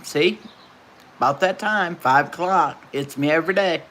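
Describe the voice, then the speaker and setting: A woman's voice: low-pitched, moderate pace, a bit bright, a little hiss or hum. A middle-aged woman, chatting casually and telling folksy stories while hosting a livestream. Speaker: livestream host.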